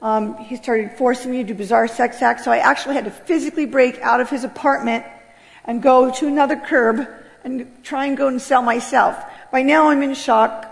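A woman's voice: high-pitched, fairly even intonation, normal speed, gravelly. A middle-aged American woman telling her life story as a personal testimony, earnest and swelling with emotion. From United States. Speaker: speaker giving a testimony. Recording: voice with long hall reverb.

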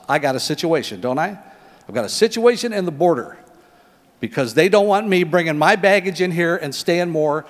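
A middle-aged man preaching a sermon in a lively, conversational way, asking his listeners questions. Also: high voice, big-room sound. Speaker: pastor.

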